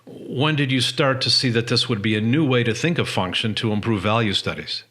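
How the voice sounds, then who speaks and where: A man hosting an interview, introducing his guest and asking questions in a clear, measured way. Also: mid-range voice, pushed and bright. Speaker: host. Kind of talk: interview narration.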